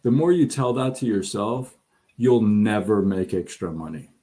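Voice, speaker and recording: Blunt, emphatic man with a warm voice. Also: on the low side, lively intonation, moderate pace. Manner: blunt and emphatic, acts out quotes, stammers on words. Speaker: host of a live side-income show. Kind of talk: direct motivational talk to viewers.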